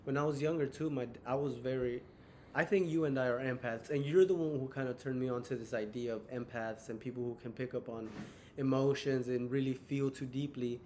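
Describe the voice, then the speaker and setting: A man's voice: medium pitch, steady tone, fairly quick, dark tone, a little hiss or hum. A young man hosting a casual podcast chat, telling personal stories in a rambling way with many fillers. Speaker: podcast host.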